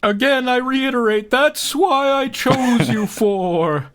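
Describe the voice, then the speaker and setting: A man voicing a grand, commanding hedgehog deity in a comedic live fanfiction reading, declaiming his lines loudly. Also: expressive, takes it slowly, full character voice. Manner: loud, high and declaiming.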